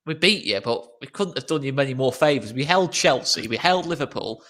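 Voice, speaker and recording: A man's voice: mid-range voice, expressive, brisk, a bit bright. Chatty football-podcast host, a man. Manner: chatty, laughs often, trails off into restarts. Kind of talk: casual football chat.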